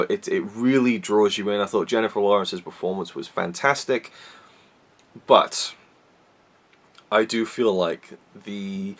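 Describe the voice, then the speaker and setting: A man giving a casual, rambling film review to camera, with many restarts and fillers. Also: lowish voice. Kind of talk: casual solo movie review.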